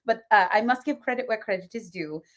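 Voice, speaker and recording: A woman's voice: a little high, a little fast. A woman co-hosting a live show, telling stories in casual chat and laughing often. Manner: animated storyteller, laughs often. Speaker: podcast co-host.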